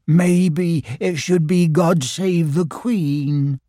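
A man voicing a gentle, honey-loving male teddy bear who speaks slowly and plaintively with a growly voice. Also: fairly high pitch, steady tone, dry recording, clean studio sound, voice pushed up. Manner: slow, plaintive and simple.

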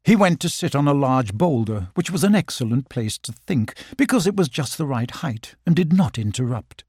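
A man narrating a children's storybook with gentle, expressive storytelling. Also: mid-range voice, moderate pace, breathy edge, dry recording, clean studio sound. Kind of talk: audiobook narration.

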